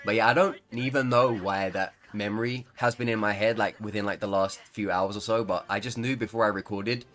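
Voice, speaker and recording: A man's voice: lowish voice, steady tone, a little fast, fairly bright tone. A man chatting casually over gameplay as a gaming creator, rambling and laughing mid-sentence.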